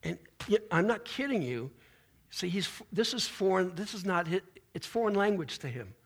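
A man's voice: high-pitched, very animated, moderate pace, slightly rough. A man preaching a sermon as pastor, in an informal way with restarts and folksy asides. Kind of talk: conversational sermon.

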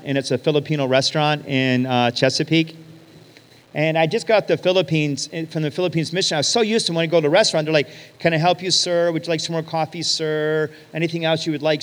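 A pastor with a fairly high voice tells stories from the pulpit and acts out the people in them. His words ring out with long reverb in a large hall or church. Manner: lively storyteller, acts out quoted voices. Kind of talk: sermon storytelling.

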